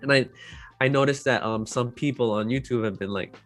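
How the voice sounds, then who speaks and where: A man hosting a casual chat, speaking profanely with lots of filler words, mostly low-key with loud outbursts. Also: brisk, faint music behind. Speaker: host.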